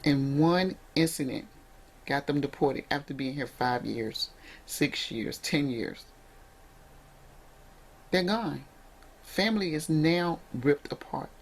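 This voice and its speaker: A woman's voice: deep voice, expressive, takes it slowly, long pauses. Emphatic woman vlogger lecturing viewers. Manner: emphatic, preachy, addresses viewers directly. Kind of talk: direct-to-camera commentary.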